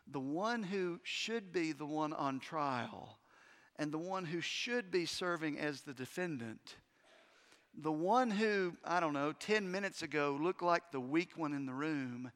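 Emphatic preacher with high voice. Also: male voice. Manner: emphatic, swings from hushed to loud. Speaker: pastor. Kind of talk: sermon. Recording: long hall reverb.

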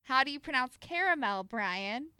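Opinionated young woman, bright and crisp. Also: high-pitched, normal speed, no echo, clean studio sound. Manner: opinionated, animated food debating. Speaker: podcast co-host. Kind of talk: casual chat.

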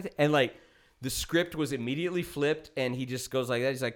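A man's voice: mid-range voice, fairly quick. Profane storytelling man, casual podcast host. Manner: profane, animated, acts out quotes.

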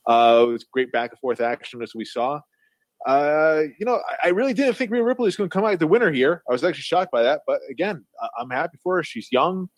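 A man's voice: on the high side, fast, no room sound. A man co-hosting a casual wrestling podcast, giving his opinions with many restarts and fillers. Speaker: podcast co-host.

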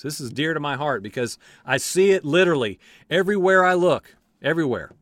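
A man delivers a heartfelt sermon with earnest, emphatic conviction. His voice sits a little high and moves through a wide, animated range. The recording is dry and close, with no room sound. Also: a little fast, few pauses, dry recording. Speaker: preacher. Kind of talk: impassioned sermon.

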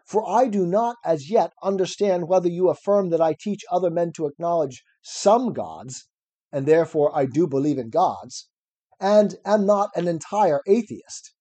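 A man reads a classic dialogue aloud in the role of an old philosopher on trial, sounding ironic as he probes and cross-examines. His voice sits high, with a warm tone, animated at a moderate pace.

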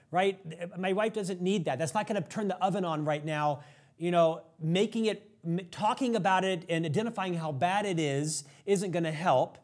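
Male host, slightly high voice, candid self-deprecating storyteller. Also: normal speed. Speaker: podcast host. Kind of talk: conversational interview storytelling.

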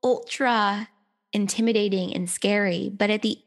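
A woman's voice: mid-range voice, fairly even intonation, normal speed. Thoughtful woman podcast host reflecting. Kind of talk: reflective conversation.

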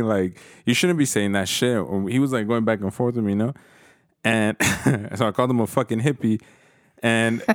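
A man's voice: mid-range voice, no echo, clean studio sound. A man casually telling a profane story to friends, laughing as he goes.

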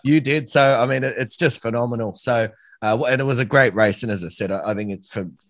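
A man's voice: medium pitch, fast, dry recording, studio quality. Chatty Australian man hosting a podcast. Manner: friendly, says "mate" often, laughs easily. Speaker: podcast host. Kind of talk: casual interview chat.

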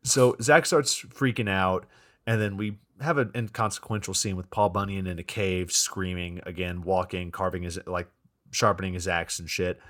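The speaker is a podcast co-host casually summarizing a bad film, dropping swear words and doing the characters' dialogue in quoted voices. He has a low, slightly bright voice, keeping his intonation fairly even at a moderate pace.

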